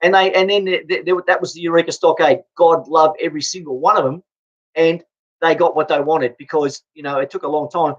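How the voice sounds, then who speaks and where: A man's voice: fairly high pitch, steady tone, fairly quick. An Australian man delivering an angry, blunt political rant, swearing and stumbling over repeated restarts. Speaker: political vlogger. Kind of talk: angry ranting monologue. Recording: dull lo-fi recording.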